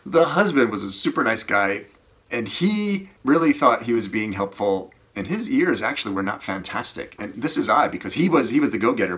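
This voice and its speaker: A man who teaches scuba, telling rambling, animated stories in a casual way that often trails off quietly. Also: mid-range voice. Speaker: scuba diving instructor. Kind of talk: casual anecdotal storytelling.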